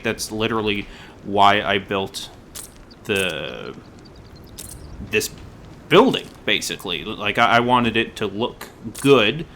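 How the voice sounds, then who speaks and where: A gaming YouTuber with a lowish voice and sharp tone gives casual, rambling commentary on his gameplay. He is self-deprecating and full of dad jokes, with a little hiss or hum in the recording.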